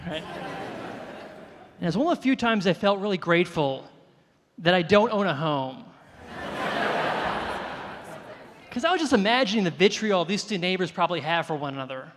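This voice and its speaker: High-pitched male comic, self-deprecating storyteller, live room with long reverb. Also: fairly bright tone, a little hiss or hum. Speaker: stand-up comedian. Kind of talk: stand-up comedy set.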